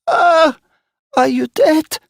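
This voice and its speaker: A wild, frantic young woman from a storybook, crying out in a high, loud voice, as a male narrator puts her on. Her cries jump up sharply over a dry, close reading. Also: sing-song, very slow, creaky, dry recording, full character voice.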